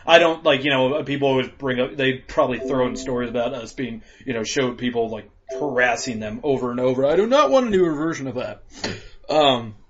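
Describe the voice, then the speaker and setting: A man co-hosting a casual podcast, chatting profanely, laughing often and bursting into loud acted-out rants. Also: mid-range voice, brisk. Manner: animated, laughs a lot, acts out rants in loud voices. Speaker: podcast co-host. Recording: dull lo-fi podcast audio.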